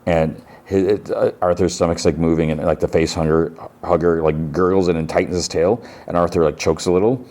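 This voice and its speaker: A man's voice: low voice, fairly even intonation, brisk, hardly any pauses, warm tone. A man hosting a podcast, loosely recapping TV episodes with lots of fillers and restarts. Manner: rambling, many fillers and restarts. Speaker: podcast host.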